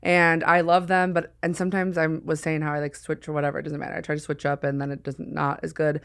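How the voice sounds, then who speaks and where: A woman's voice: low voice, level tone, fast talker, smooth, no echo, studio quality. A woman hosting a podcast, rambling and joking in casual chat and putting on silly voices for the people in her stories. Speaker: podcast host.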